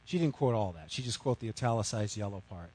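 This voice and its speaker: A middle-aged man preaching a sermon, telling a story with big swings from loud outbursts to hushed, quiet lines. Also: on the low side, animated, fast, slightly rough, low-quality recording. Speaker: pastor.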